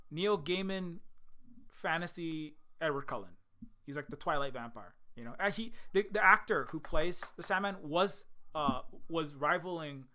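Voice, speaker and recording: A young man rants casually for his vlog, sarcastic and rambling, swearing freely. His voice sits a bit high and has a bright, forceful edge. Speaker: indie game developer.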